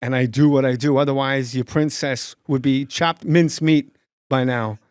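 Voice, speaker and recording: A man doing an impression of a famous older male film actor with a halting, song-like rhythm. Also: medium pitch, fairly even intonation, a little mellow, smooth, no room sound, clean studio sound, close to an everyday voice. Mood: menacing.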